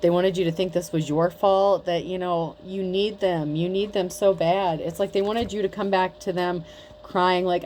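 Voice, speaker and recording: A woman with a lowish voice giving a tarot reading in a loose, chatty way. She is blunt and mocking and swears freely, with a faint hum of room noise behind her. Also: fairly even intonation, moderate pace, a little mellow. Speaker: tarot reader. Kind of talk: casual tarot reading to camera.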